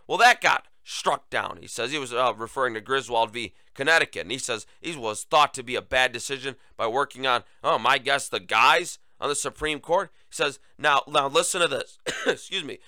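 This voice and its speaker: An American man hosts a solo political talk show, delivering opinion commentary in a sarcastic, mocking tone with conversational asides to "folks." His voice is medium-pitched and sharp, his pace moderate, and a recurring cough lingers throughout. There's no echo.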